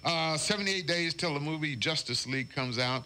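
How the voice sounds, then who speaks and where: A man's voice: on the high side, moderate pace, bright, forceful tone. A man hosting a morning radio show, chatting casually and reading station IDs and celebrity birthdays. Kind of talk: casual on-air banter.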